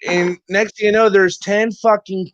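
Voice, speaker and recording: A man's voice: high-pitched, fairly even intonation, normal speed, a bit bright, no echo. A man co-hosting a casual livestream chat, rambling and joking with lots of swearing. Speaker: co-host. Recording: dull lo-fi stream audio.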